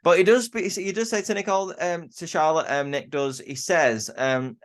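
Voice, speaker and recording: A man's voice: a little high, normal speed. Rambling man reviewing a show. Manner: rambling, stammers and restarts often. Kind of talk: casual spoken review.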